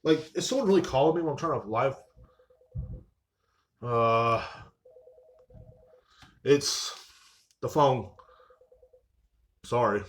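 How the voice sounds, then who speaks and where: A man talks in a loose, rambling rant on his own live-streamed podcast, swearing constantly. His breathing is labored and audible, and his pitch sits in the ordinary middle range for a man. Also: animated, slow pace, long pauses. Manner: profane, rambling, mocking. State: short of breath. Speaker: podcast host. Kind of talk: casual rant. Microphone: live stream mic.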